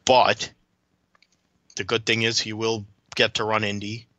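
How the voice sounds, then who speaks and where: A man's voice: lowish voice, level tone, measured pace, bright, forceful tone, dry recording. A man as a podcast guest, rambling through detailed motorsport recollections with frequent restarts in casual chat.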